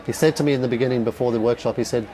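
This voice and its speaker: A middle-aged man with an Australian accent, giving a raw, candid personal talk at a dinner event, swearing often and pausing with fillers. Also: mid-range voice, steady tone, warm tone, poor audio.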